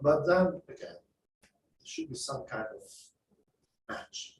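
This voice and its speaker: A man's voice: on the high side, slow, reverberant, far from the mic, a little hiss or hum, rough recording. A man giving a masterclass on speaking skills, explaining and acting out examples to a class. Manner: lively, explanatory, acts out examples. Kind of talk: masterclass lecture. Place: classroom or lecture hall.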